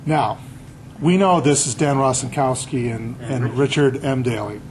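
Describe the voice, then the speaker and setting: A man's voice: mid-range voice, measured pace, poor audio. A man, an author, giving a casual slide lecture to an audience, telling anecdotes and quizzing the crowd. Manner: chatty storyteller, quizzing the audience.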